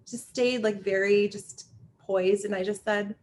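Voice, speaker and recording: A woman's voice: medium pitch, fairly even intonation, unhurried, a little mellow, a little hiss or hum. Chatty woman podcast host. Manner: chatty storyteller, frequent "like". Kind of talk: podcast interview conversation.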